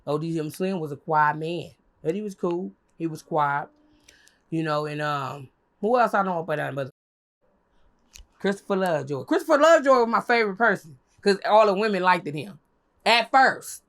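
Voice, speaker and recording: A young woman telling a story as an interview guest, animated and profane, acting out what others said in a high voice. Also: moderate pace. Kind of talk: casual storytelling.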